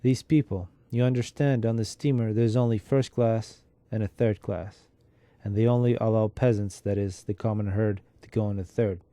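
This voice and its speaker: A man's voice: fairly low pitch, steady tone, normal speed, hardly any pauses, mellow, no room sound, natural voice. A man reading the part of a sick, bitter, mocking middle-aged Russian clerk in a sardonic, lecturing way.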